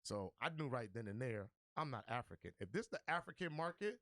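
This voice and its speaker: A man with a gravelly edge to his voice tells a funny story as a radio guest, animated and full of street slang. He talks in a dry, close studio sound. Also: mid-range voice, brisk, dry recording. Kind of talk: comic storytelling on talk radio.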